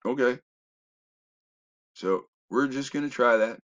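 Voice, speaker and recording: A man talking in a rambling, casual monologue that drops to low mutters and jumps to loud exclamations. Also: slow pace, highs cut off. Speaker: video commentator.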